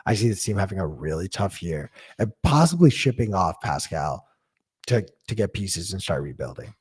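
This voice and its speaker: A man with a low voice hosts a casual sports chat. He talks bluntly and swears, ranting and laughing at his own jokes. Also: very animated, moderate pace, husky. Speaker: podcast co-host.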